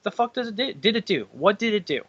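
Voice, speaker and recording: A man's voice: sits high, very animated, quick pace, fairly bright tone, slightly rough, no echo, highs cut off. A young man co-hosting a wrestling review, blunt and sarcastic in casual chat. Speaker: wrestling podcast co-host.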